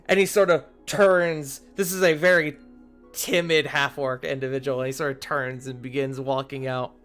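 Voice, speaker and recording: A man's voice: mid-range voice, steady tone, normal speed, a bit bright, clear, resonant tone, faint music behind. A man narrating a tabletop role-play as game master, rambling and hedging with filler words. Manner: rambling, full of fillers like "sort of".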